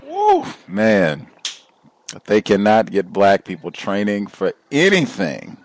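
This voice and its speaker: A male radio host responding casually and reacting quickly to a caller. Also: fairly low pitch, wildly swooping pitch, no room sound.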